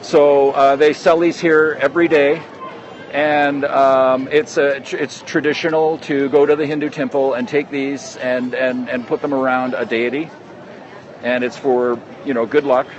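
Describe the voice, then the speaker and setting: A man's voice: mid-range voice, flat delivery, unhurried, dull audio. Canadian man livestreaming from a noisy street. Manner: rambling, many fillers and restarts, friendly. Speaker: travel vlogger livestreaming. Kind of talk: casual live street broadcast. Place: busy outdoor city square. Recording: street noise from traffic. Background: crowd and motorcycles.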